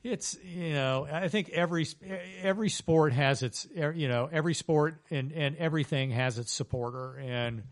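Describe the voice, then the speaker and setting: Male guest, conversational, loose and halting delivery, dead-dry close mic. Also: a little high, dry recording. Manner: rambling, many restarts and fillers. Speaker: author guest. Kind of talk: casual interview talk. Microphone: podcast microphone.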